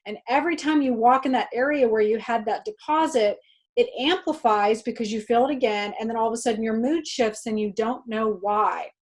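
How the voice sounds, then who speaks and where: A woman's voice: a little high, a little fast. A woman guest on a podcast, earnestly explaining spiritual ideas in casual chat.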